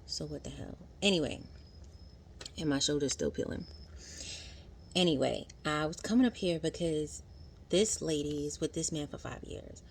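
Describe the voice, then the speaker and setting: 30s woman vlogging, talks kinda low, chatty and animated, faint hum behind her. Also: moderate pace, gravelly, pauses often. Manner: chatty, animated, acts out quotes in higher voice. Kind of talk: casual commentary recap.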